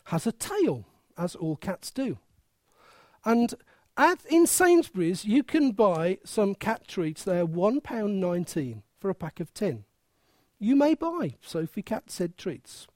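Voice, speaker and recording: A preacher giving a lively, emphatic sermon with humour and many rhetorical questions to the congregation. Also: mid-range voice, no room sound.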